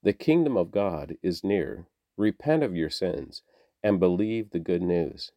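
A man voicing Jesus as a calm, commanding male teacher in a scripture reading. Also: low voice, unhurried, no echo.

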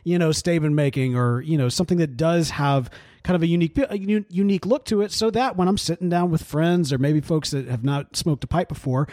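A man co-hosting a podcast, talking in a relaxed way with lots of fillers and frequent laughter. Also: on the high side, brisk, no echo, studio quality. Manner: easygoing, laughs often, many fillers. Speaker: podcast co-host. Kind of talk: casual chat.

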